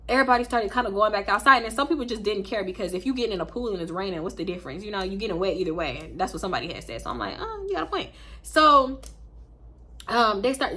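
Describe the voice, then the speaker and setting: A young woman with a Southern US accent telling a storytime vlog in a casual, profane and animated way, squeaking up high to act out what people said. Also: husky. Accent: Southern US, Houston. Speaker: storytime YouTuber.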